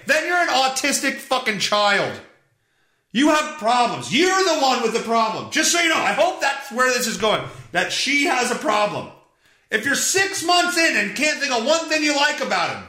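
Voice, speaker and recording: A man hosting a podcast, ranting profanely and bursting into yells while reading an article aloud. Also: extremely high pitch, very animated, normal speed. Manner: profane, loud, bursts into yelling. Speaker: podcast host. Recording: echoey room.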